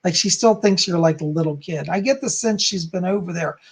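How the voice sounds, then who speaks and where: A man's voice: high voice, a little fast, breathy edge. A man giving live psychic readings, chatting as he answers viewers one by one. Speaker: psychic medium.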